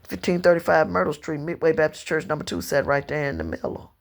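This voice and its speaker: Southern lady in her 50s, low voice, slow drawn-out storytelling, just rambling to the camera. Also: fairly even intonation, creaky. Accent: Southern US, Louisiana. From Louisiana, US. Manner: unhurried storytelling, drawn-out phrasing, slips into dialect and quoted voices. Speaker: vlogger. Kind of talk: rambling personal monologue to camera.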